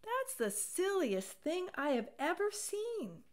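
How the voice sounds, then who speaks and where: A woman's voice: extremely high pitch, very animated, slow pace, a little hiss or hum, pitched above the performer's own voice, heavily acted. A woman voicing a skeptical female cow in a storybook read-aloud, speaking with amused disbelief. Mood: scoffing.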